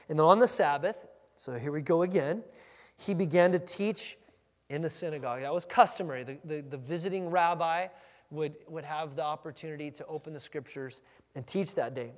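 A high-voiced man delivers a casual, conversational sermon. He jumps into quoted crowd reactions with sudden rises in pitch and volume. His voice carries a long reverb tail from a church hall. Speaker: pastor.

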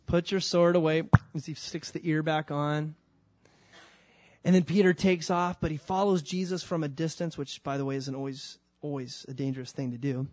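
A man's voice: fairly high pitch, darkish tone, no echo. A man preaching a conversational sermon and telling the story with emphatic delivery.

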